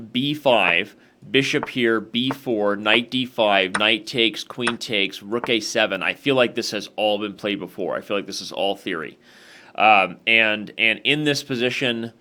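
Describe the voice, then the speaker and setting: Chess guy talking through moves to viewers, lowish voice, punchy and bright. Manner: analytical, talks straight to the viewers. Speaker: chess master hosting an online game. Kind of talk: casual thinking-aloud analysis.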